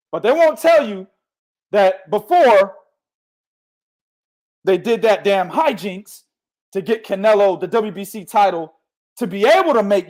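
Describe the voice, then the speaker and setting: A man hosting a boxing podcast who rants loudly and swears constantly. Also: high voice. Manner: loud, profane, ranting. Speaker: podcast host. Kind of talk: boxing commentary rant.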